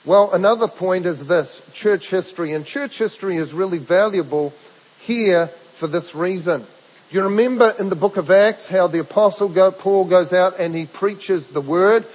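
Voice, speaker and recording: Emphatic preacher man in a reverberant hall. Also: sits high. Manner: emphatic, rhetorical questions, slows for key words. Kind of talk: sermon. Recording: dull lo-fi sermon recording with hall reverb.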